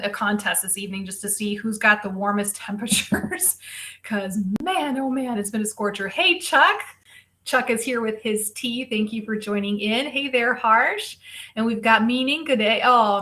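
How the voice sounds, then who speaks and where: A woman's voice: a little high, bright, forceful tone. A woman physical therapist hosting a casual live show, chatty and greeting viewers by name. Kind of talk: casual live-stream chat. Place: home, Tampa.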